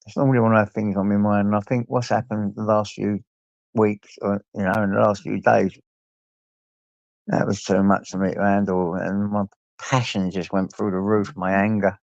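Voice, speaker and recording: A man's voice: lowish voice, flat delivery, normal speed, vocal fry, a little mellow, no echo. An older man with an English accent hosting a late-night livestream, rambling and greeting viewers by name, swearing freely. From England. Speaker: livestream host. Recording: dull lo-fi stream audio.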